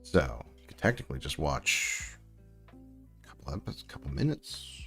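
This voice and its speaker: A man's voice: very deep voice, big pitch swings, normal speed, creaky, sharp tone, faint music behind. Chatty man on a casual live stream. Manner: chatty, rambling, answers chat while building. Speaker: livestream host building sets.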